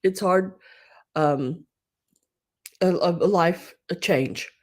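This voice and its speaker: A woman with a fairly low voice hosts a home live stream while crying. She speaks haltingly, her words breaking off and sinking into soft whispers. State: tearful, crying. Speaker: online live-sale host. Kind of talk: emotional live-stream chat.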